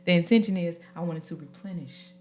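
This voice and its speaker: Woman host, AAVE, lively and emotional, moves between hushed and loud. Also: fairly low pitch, fairly quick. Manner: expressive, animated, swings from soft to loud. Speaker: podcast host. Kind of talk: casual, emotional conversation.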